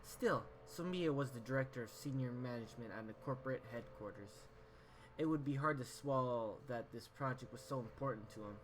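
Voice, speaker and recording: A man at a middle pitch reads a visual novel's narration aloud for his channel, slipping in casual, slangy remarks. There is a faint hiss in his recording. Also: fairly quick, rough recording. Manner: plain reading voice, casual slangy asides. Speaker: gaming YouTuber.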